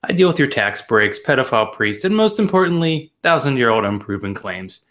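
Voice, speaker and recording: A man's voice: mid-range voice, very animated, fairly quick, a bit bright. A man hosting an interview podcast, delivering a playful, exaggerated intro and joking with his guest. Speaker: podcast host.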